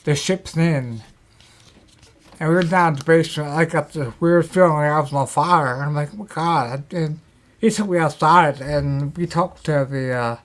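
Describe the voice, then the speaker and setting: A man, a guest on a talk show, telling paranormal stories in casual chat, animated and acting out quotes. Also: on the high side, normal speed. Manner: animated storyteller, acts out quotes.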